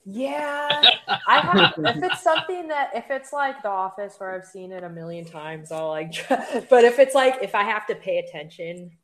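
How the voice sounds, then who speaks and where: A woman's voice: mid-range voice, lively intonation, moderate pace. A woman in casual chat, giggly and lightly self-conscious.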